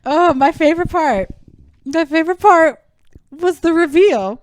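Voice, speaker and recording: Lively high-voiced woman podcast co-host. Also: unhurried, no room sound. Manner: laughing, animated reactions and dramatic reenactments. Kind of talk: casual comedic chat.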